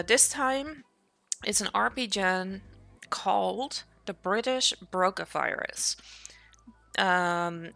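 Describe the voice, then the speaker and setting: A woman's voice: fairly low pitch, creaky, bright, forceful tone. A woman streamer chatting casually to her viewers, rambling with lots of fillers, her voice tired from a long day of talking. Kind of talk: casual live-stream chat.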